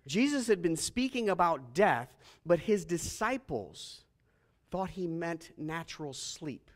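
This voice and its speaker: High-voiced man preaching a sermon. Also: slow. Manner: animated, jokey, asks the congregation questions. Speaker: pastor.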